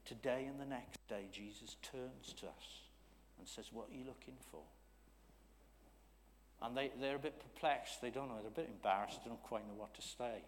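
A man's voice: medium pitch, a little fast. A man preaches in a church, his mid-range voice trailing into a long reverb. He talks conversationally, often checking in with his listeners, pushing hard on key phrases and dropping to near-whispers elsewhere. A faint hum of room ambience sits behind him. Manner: swings from loud emphasis to hushed asides. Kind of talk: sermon.

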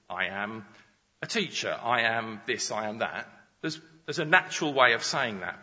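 Lively bright male preacher in a hall. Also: mid-range voice. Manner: teaching, explains with examples and rhetorical questions. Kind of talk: sermon. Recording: dull sound with long reverb in a large hall.

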